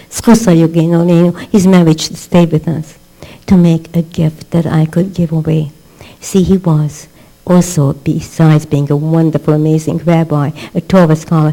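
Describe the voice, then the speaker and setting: A woman's voice: low voice, warm tone, poor audio. An older woman, a rebbetzin, telling stories to a class in a dramatic lecture style. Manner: dramatic storyteller who acts out quoted voices. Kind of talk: storytelling lecture. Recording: mains hum underneath.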